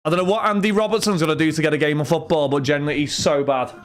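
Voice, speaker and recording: A young man hosting a livestream, talking casually to his chat. He rambles and vents with exasperation, his voice sitting a little higher than most men's. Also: steady tone, racing. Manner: rambling and exasperated, venting about football. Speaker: livestream host.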